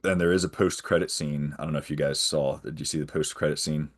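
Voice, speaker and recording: A man's voice: extremely low pitch, fairly even intonation, fast talker. A man guesting on a podcast, casually retelling a film's plot in a rambling way and often tagging on "right?". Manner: rambling, checks in with frequent "right?". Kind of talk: casual film recap.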